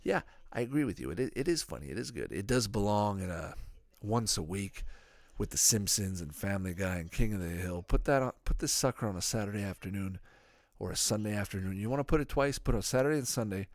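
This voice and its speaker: A man's voice: fairly low pitch, quick pace, few pauses, dry recording. A man hosting a podcast, chatting casually and rambling, with frequent swearing. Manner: profane, rambling, animated. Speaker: podcast host reviewing a sitcom.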